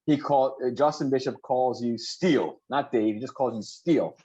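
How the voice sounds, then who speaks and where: A man's voice: medium pitch, fairly even intonation, fairly quick, warm tone, breathy edge, highs cut off. Upbeat man hosting a video call. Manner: upbeat, encouraging, repeats words often. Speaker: co-host of online talk show. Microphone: video call audio.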